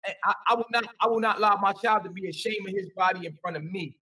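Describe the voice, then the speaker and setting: A man's voice: sits high, fast, bright, forceful tone, slightly rough, distant mic, low-quality recording. A man answering questions on a call, rambling and repeating himself defensively. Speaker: interview guest.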